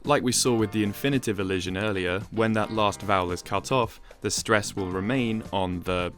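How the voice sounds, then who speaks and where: A man giving a measured, explanatory, scripted narration for a video essay. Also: fairly low pitch, a bit bright, soft background music.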